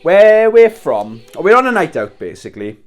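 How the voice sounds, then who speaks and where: A man's voice: high-pitched, sing-song, normal speed, soft background music. A Welsh man in his thirties telling a rambling story in casual chat, swearing and laughing as he wraps presents at home. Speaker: vlogger.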